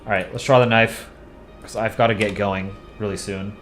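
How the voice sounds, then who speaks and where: A man's voice: on the low side, moderate pace, soft background music. A young man streaming live, casually chatting with his viewers and answering their messages while he draws. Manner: relaxed, chatty, answers chat while drawing. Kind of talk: casual livestream chat.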